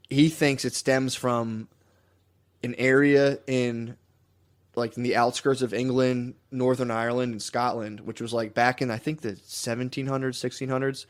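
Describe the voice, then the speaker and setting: Brief: male podcast co-host, mid-pitched voice, rambling and casual, lots of "like" and restarts. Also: clean tone. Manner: rambling, loose, with many fillers and restarts.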